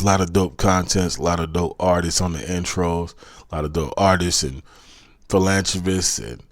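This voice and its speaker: A deep-voiced podcast host from South Carolina, Southern accent and all, delivers a motivational sermon-like monologue that repeats its urgings. The recording is dry and clean, studio-grade.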